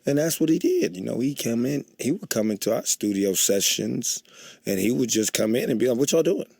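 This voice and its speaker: A man's voice: mid-range voice, fairly quick, creaky, husky, dry recording. A man being interviewed, telling anecdotes and acting out the voices of the people in them. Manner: animated, acts out quoted voices. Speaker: interview guest. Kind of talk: anecdotal storytelling.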